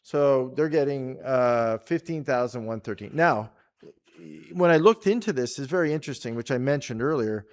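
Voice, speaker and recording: A Canadian man co-hosts a casual talk show about policy, speaking at a moderate pace with medium pitch and lively intonation. He's chatty and rambling and laughs often.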